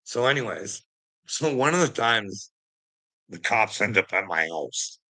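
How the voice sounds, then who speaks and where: A man's voice: fairly low pitch, expressive, unhurried, sharp tone. A man telling a rambling story to a friend in casual chat, swearing a lot and laughing often mid-sentence. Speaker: vlogger.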